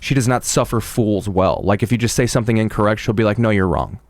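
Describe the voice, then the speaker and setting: A man guesting on a podcast, telling stories in casual chat with an animated manner and plenty of casual swearing. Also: lowish voice, fast, dry recording.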